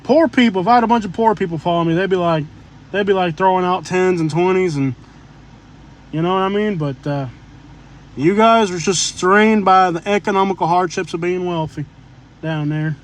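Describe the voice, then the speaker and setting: High-voiced man rambling on a livestream. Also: normal speed, slight background noise. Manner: rambling, joking, chatty asides to viewers. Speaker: live-stream vlogger. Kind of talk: casual live-stream chat.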